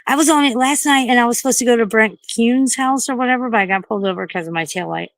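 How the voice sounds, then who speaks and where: A woman's voice: fairly high pitch, fast talker, no echo. Swearing, frightened woman streaming outdoors. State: out of breath. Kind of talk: casual livestream chat. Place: outdoors in a backyard at night.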